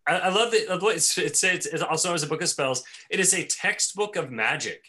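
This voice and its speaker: A man's voice: fairly high pitch, animated, a little fast, bright, forceful tone. A man hosting a podcast in casual chat, joking and rambling with frequent laughter. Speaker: podcast host.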